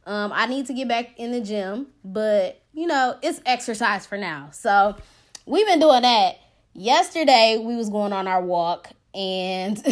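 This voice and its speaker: A high-voiced woman tells a story on her podcast in loose, slangy, profane chat. She sounds animated as she records on her phone from bed at home. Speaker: podcast host. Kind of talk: casual storytelling.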